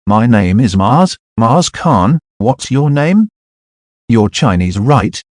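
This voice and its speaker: A man's voice: mid-range voice, very animated, takes it slowly, a little mellow, dry recording, clean studio sound. A man voicing a friendly, bulky young American man with a Southern accent who talks eagerly and caringly.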